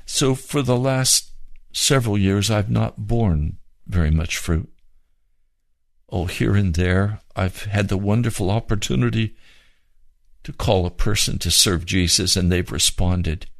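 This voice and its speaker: A man preaching a sermon, fervent and pleading, with slow drawn-out emphasis. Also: lowish voice, vocal fry, no room sound.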